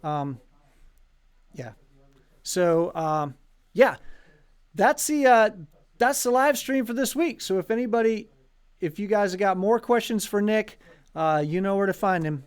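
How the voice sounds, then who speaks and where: A man with a high, light voice hosts a casual live stream for a violin shop. He talks in a loose, joking way, with plenty of ums and likes. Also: expressive, unhurried, pauses often, smooth. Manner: chatty, joking, lots of fillers.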